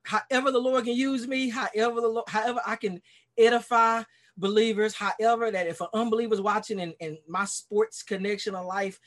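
A man's voice: high voice, fairly even intonation, brisk, fairly bright tone. A man who is a pastor, talking as a guest in a casual podcast interview, earnest and enthusiastic, often restarting and repeating his words. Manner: talkative self-described extrovert.

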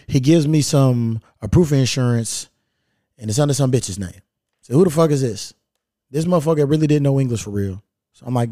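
A man hosting his podcast alone, telling a story in a laid-back, profane, animated way. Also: mid-range voice, a little fast, no room sound, clean studio sound. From Louisville, Kentucky. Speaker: podcast host. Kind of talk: casual solo storytelling. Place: at home.

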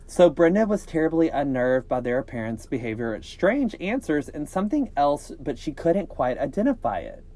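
A man's voice: fairly high pitch, sing-song, moderate pace, few pauses, dark tone. A man casually reading a scary story aloud on a podcast, with small slips and joking asides.

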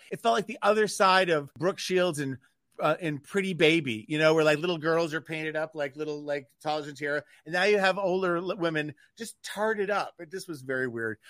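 A man's voice: on the high side, normal speed, fairly bright tone, no room sound, studio quality. Candid, opinionated man on radio. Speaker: radio guest. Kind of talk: casual chat. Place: radio studio.

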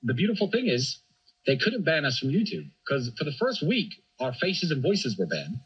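Husky guy on a podcast, bit high voice, swings up and down a lot, talks with big emphasis. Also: big pitch swings, moderate pace, a bit bright, lo-fi sound. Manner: emphatic, repeats words when restarting. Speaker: podcast guest. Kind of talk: animated conversational monologue.

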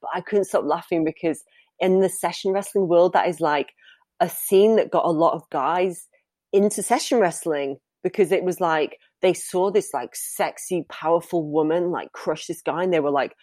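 A woman's voice: lowish voice, moderate pace, darkish tone, no room sound. A woman, a professional dominatrix, answering interview questions in a candid, chatty way and laughing easily.

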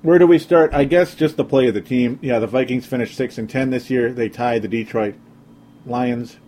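Minnesota guy rambling on his sports podcast, kinda sarcastic, mellow dark voice. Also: medium pitch, steady tone, moderate pace, a little hiss or hum. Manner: rambling, sarcastic, frequent fillers. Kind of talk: casual sports podcast monologue.

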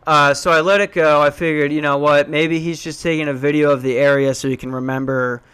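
A man's voice: fairly quick, clean tone. Self-mocking man telling a story. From Minnesota. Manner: animated, self-mocking, swears, jumps into high voices when quoting. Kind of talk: casual storytelling rant.

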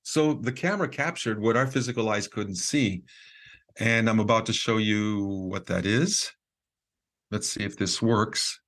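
Low-voiced man telling a story. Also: a little slow. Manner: lively storyteller with frequent fillers and quoted dialogue. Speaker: podcast guest. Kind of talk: casual storytelling.

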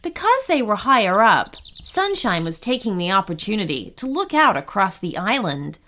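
A woman reading a children's story aloud as narrator, gentle and expressive. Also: medium pitch, moderate pace.

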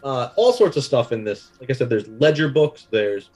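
A man running a tabletop game as game master, describing scenes and ruling calmly. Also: medium pitch, normal speed, faint music behind.

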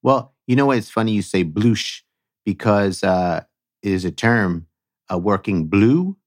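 A man's voice: on the low side, lively intonation, unhurried, no room sound, studio quality. A man co-hosting a comedy podcast, speaking in a wry, conversational way as the straight man. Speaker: podcast co-host. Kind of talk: casual comedic chat.

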